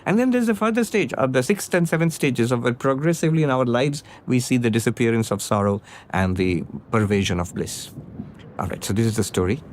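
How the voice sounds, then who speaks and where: A man giving a philosophy lecture, explaining ideas step by step with frequent pauses and fillers. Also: medium pitch. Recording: lecture under vehicle noise.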